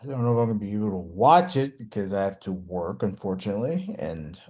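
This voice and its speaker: A man's voice: fairly low pitch, lively intonation, quick pace, mellow. A man hosting a casual sports podcast, rambling and hesitant with many restarts. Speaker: podcast host.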